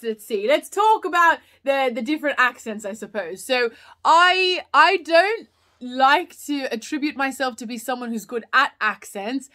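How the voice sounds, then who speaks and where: A woman's voice: fairly high pitch, pushed and bright. A woman hosting a casual live chat, answering viewer questions in a rambling way with many fillers and restarts.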